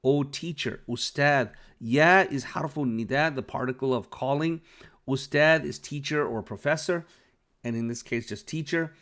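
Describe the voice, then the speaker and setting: A man's voice: medium pitch, normal speed, a bit bright. A man who is not a native Arabic speaker, teaching Arabic vocabulary patiently and often checking understanding with an "okay?". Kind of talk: explaining a lesson.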